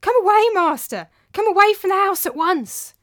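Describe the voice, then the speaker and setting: A woman voicing a quick-witted young male slave who talks urgently and persuasively. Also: very high-pitched, lively intonation, fairly bright tone, pitched above the performer's own voice.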